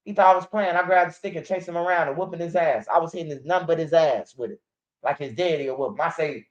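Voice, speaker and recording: A man with a high voice hosts a street news channel. He talks in blunt, profane street storytelling. The recording sounds dull and lo-fi. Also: quick pace. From Chicago. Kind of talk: casual commentary.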